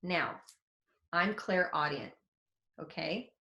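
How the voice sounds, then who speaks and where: A woman in her forties, a psychic development teacher, telling a story in a webinar in a casual, candid, animated way with mild swearing. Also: fairly low pitch, slow, roomy sound, highs cut off.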